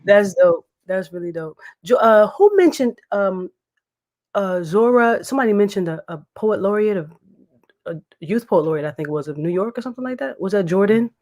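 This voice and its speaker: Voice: mid-range voice, expressive, normal speed, darkish tone. A laid-back host of an online open mic, chatting casually between poems and repeating words like "indeed" and "dope". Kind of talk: casual chat.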